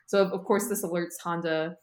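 A young woman co-hosting a podcast, recapping an episode in animated, sarcastic casual chat. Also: fairly low pitch. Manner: animated, sarcastic, quick to laugh. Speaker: podcast co-host.

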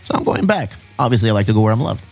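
A middle-aged man hosting a casual chat, profane and joking, telling animated stories. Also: on the low side, racing, vocal fry, faint music behind. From South Bay, San Diego area. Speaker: podcast host.

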